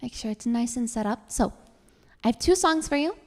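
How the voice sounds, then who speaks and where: A woman's voice: fairly high pitch, expressive, normal speed, a little mellow. A woman streaming as an elf florist character, teasing her viewers playfully and repeating words as she talks. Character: elegant female elf florist. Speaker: VTuber streamer. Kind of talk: casual debut stream chat with singing.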